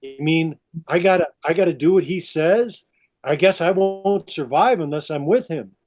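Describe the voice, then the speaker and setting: A man's voice: fairly high pitch, moderate pace, darkish tone, faint music behind, lightly acted. A man voicing Eve as a frustrated first woman in a told story, speaking in his own voice.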